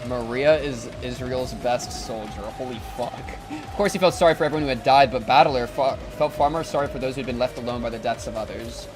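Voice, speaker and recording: Excitable young man reading a visual novel. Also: medium pitch, fairly quick, music in the background. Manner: excitable, slangy, breaks off narration to joke. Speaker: streamer.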